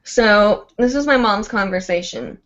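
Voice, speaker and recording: A woman talking casually on a livestream, rambling and filling pauses with "like" and "um". Her voice sits at an ordinary middle pitch. The audio is dull and lo-fi. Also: fairly bright tone. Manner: chatty, rambling, full of "like" and "um". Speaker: host of a live hooping show.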